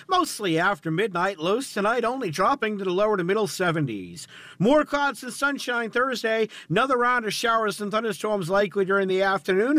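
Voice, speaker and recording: A man weather forecaster reading a scripted forecast in a smooth, steady way. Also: high-pitched, no echo.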